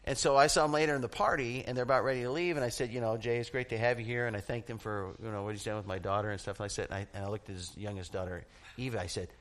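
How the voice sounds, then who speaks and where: A middle-aged man preaching a sermon, telling funny stories with animated energy and laughing at his own jokes. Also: on the low side, racing. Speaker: pastor.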